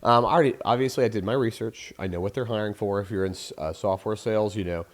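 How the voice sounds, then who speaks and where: A man's voice: on the low side, quick pace. A young adult man hosting a show, giving casual sales advice in a rambling, profane way and acting out phone calls in voices. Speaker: sales trainer and host.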